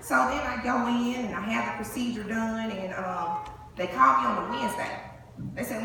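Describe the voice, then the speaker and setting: A woman's voice: on the high side, normal speed. Woman telling her story in an echoey hall. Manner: animated, acts out the dialogue. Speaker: breast cancer survivor giving a testimony. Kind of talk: storytelling testimony to a live audience. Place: large hall before an audience. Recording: echoey hall, far from the mic, crowd noise.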